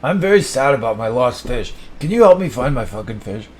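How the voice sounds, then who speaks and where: A man improvises an absurd comedy monologue full of profanity, rambling and lurching between mumbles and sudden shouts. His mid-range voice is sing-song and fairly quick.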